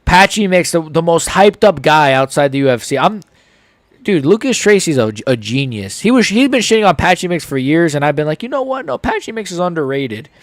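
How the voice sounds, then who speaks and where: A man's voice: fairly high pitch, sing-song, a little fast, no room sound. Heated young man ranting on fights. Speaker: MMA channel host. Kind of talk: live fight reaction.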